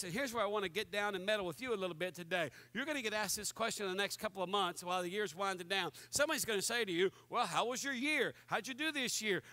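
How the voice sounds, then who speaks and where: A man preaching a lively sermon to his congregation and acting out the voices he quotes. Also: sits high, no room sound. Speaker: pastor.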